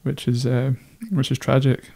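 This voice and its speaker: A man in casual conversation, speaking in a measured, reflective way. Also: mid-range voice, level tone, vocal fry, mellow. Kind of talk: casual chat.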